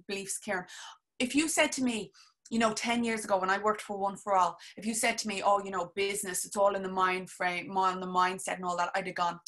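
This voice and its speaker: A woman's voice: medium pitch, a bit bright. A woman, a business coach, chatting casually and eagerly to viewers on a live stream, rambling with restarts and frequent laughs.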